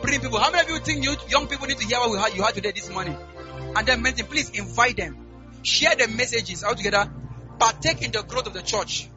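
A man's voice: very high voice, expressive, quick pace, dull audio, music in the background. A man preaching a church sermon as pastor, giving announcements and leading prayer, often asking the congregation whether they are together. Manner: call-and-response, asks "are we together?"; rising to loud fervent prayer.

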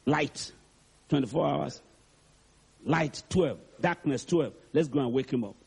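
A man preaching, putting on a calm, tender voice for Jesus that is lower and slower than his own. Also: gravelly, husky, heavily acted. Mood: gentle. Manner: soft, low and unhurried. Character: gentle, tender male Jesus, calm and kind.

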